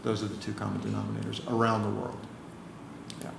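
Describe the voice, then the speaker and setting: A man's voice: fairly low pitch, fast, creaky. An American man, a chiropractor, telling stories in a casual interview, acting out the voices of the people in them. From United States. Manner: animated storyteller, acts out quoted voices. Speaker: chiropractor guest. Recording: roomy with faint ambient noise.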